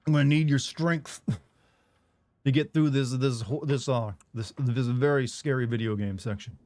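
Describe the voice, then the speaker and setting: A young man streaming a video game, chatting casually in a monotone and rambling with restarts. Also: mid-range voice, unhurried, no echo. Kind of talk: casual chat while streaming.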